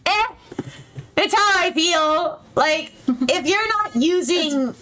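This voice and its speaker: Giggly high-voiced woman playing a game. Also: expressive, takes it slowly, sharp tone, a little hiss or hum, poor audio. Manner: giggly, playful, laughs often. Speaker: let's play player. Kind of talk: casual game commentary.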